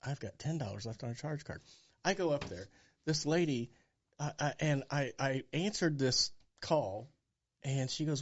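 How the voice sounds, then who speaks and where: Pastor in his sixties, animated storyteller voicing the other people in his stories, dull mic sound. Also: mid-range voice, normal speed. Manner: animated storyteller acting out dialogue. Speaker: pastor and guest. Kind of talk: storytelling interview.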